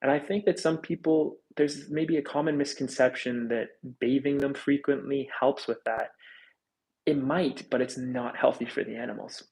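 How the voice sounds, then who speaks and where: A man's voice: mid-range voice, fairly even intonation, normal speed, gravelly, darkish tone, rough recording. A man of thirty hosting a reptile livestream, chatting casually and candidly as he reads viewer comments, with frequent fillers. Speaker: reptile channel host.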